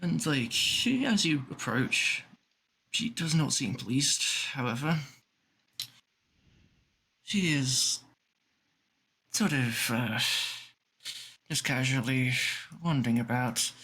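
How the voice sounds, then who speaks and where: A man playing a tabletop game, describing a character in a halting way. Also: mid-range voice, a bit bright, a little hiss or hum, rough recording. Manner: halting, searching for words. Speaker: player.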